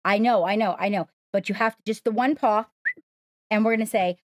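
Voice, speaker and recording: A woman's voice: medium pitch, a little fast, no echo, clean studio sound. A woman hosting a live stream, coaxing and praising her pet in playful sing-song talk. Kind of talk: live-streamed casual chat.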